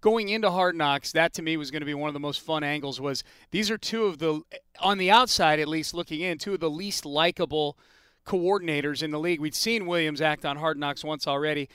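A man hosting a casual sports talk show, chatty and opinionated, asking quick follow-up questions. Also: a little high, fairly bright tone, clean tone, dry recording, clean studio sound.

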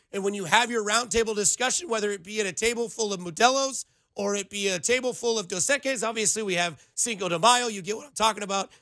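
A young man hosting a sports radio show in a studio, talking in an animated, rambling way full of playful comparisons. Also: sits high, dry recording. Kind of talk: casual sports radio banter.

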